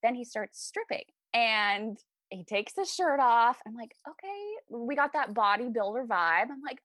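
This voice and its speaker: A lively young woman chatting as a podcast guest. Her pitch leaps and dips as she acts out the people in her story, and she laughs often. The sound is dry and close, with no room around her. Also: unhurried, few pauses, no room sound. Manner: animated, laughing, acts out quoted lines. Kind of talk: casual storytelling chat.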